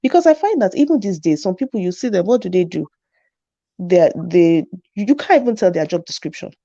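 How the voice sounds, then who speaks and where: A woman's voice: lowish voice, expressive, brisk, dark tone, dry recording. A middle-aged woman guest in a casual conversation, speaking earnestly and emphatically and laughing easily. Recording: dull dry recording.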